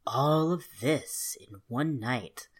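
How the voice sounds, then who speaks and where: A woman voicing a stern yet tender male fairy who speaks low, slow and quietly intense. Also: breathy edge, full character voice. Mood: quiet, gentle.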